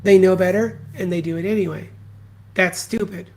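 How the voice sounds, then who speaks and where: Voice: mid-range voice, fairly even intonation, normal speed, a little mellow. A podcast host ranting solo, blunt and scornful, swearing freely and hammering points home by repeating them. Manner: emphatic repetition. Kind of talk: solo opinion rant.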